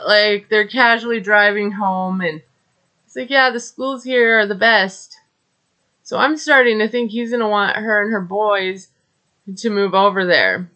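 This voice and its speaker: Chatty woman recapping reality TV, slow. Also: mid-range voice, sharp tone. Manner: chatty, gossipy, with frequent fillers and wry asides. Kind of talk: casual recap commentary.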